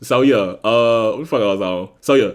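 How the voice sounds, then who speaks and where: A young man with a fairly low voice co-hosts a podcast at a moderate pace. He talks loosely in profane slang and acts out the voices of people he quotes, keeping the chat casual.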